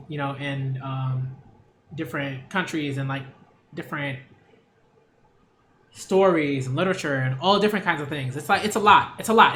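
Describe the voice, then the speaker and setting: A man's voice: fairly high pitch, pushed and bright, roomy sound, a little hiss or hum. A man reviewing manga in a casual read-along, rambling with many fillers and restarts.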